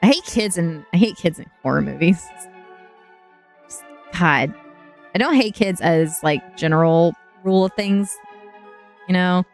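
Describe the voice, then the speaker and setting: A woman's voice: fairly low pitch, expressive, a little slow, pauses often, faint music behind. A young woman streamer chatting casually, dramatic and prone to repeating herself and groaning.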